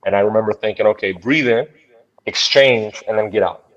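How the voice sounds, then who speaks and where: Man, fighter, interview guest, rapid talker, blunt, profane, dull recording. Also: lowish voice. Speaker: bare knuckle fighter being interviewed. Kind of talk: casual storytelling interview.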